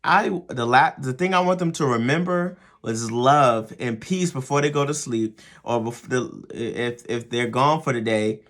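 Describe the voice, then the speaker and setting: A man's voice: medium pitch, unhurried, few pauses, fairly bright tone. A man hosting a show for fathers, talking through his advice casually and often checking in with "right?". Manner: conversational, repeats words and asks "right?" often. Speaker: host.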